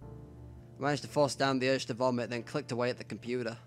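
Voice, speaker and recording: A man's voice: medium pitch, steady tone, fairly quick, over music. Man reading a visual novel aloud. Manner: reads narration aloud with quiet asides. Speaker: let's play narrator.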